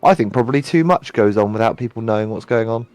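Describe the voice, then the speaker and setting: A man playing his character at a tabletop game, speaking in a measured, earnest way. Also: lowish voice, a little mellow. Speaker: player.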